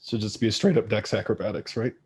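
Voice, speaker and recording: A man running a tabletop game, narrating scenes in a fairly low voice. His delivery is relaxed and halting, with frequent pauses and fillers. He sounds easygoing and unhurried. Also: husky. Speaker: game master.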